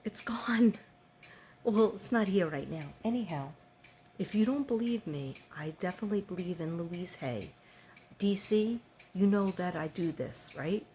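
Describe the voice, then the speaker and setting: A woman's voice: fairly low pitch, expressive, moderate pace, mellow, slight background noise. Chatty older woman, rambling vlog. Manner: rambling, chatty, frequent ums and restarts. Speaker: vlogger. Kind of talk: casual chat to viewers.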